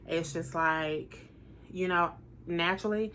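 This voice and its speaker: A woman in her forties with a naturally deep voice, talking casually to camera in an earnest, emphatic way and repeating her points for weight. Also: fairly even intonation, slow, fairly bright tone, slight background noise. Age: 40s. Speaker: vlogger sharing personal experiences.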